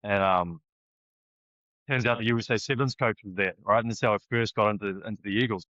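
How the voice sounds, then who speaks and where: A man's voice: on the low side, fairly even intonation, fairly quick, pushed and bright, dry recording. A man in his forties with a New Zealand accent, a rugby coach chatting easily as a podcast guest, often restarting his sentences. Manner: easygoing and chatty, with many restarts. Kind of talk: casual interview chat. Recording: dull lo-fi, dry sound.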